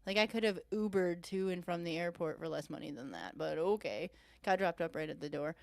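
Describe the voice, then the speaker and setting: A woman co-hosting a casual podcast chat, telling a rambling, animated story with frequent swearing and laughs. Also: fairly low pitch, fairly quick, gravelly, no room sound, clean studio sound. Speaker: podcast co-host.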